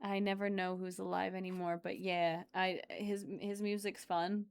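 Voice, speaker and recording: Female streamer, average pitch, loose rambling chat, answers comments. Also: level tone, moderate pace, vocal fry, smooth. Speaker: streamer reacting to videos. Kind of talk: casual live-stream chat.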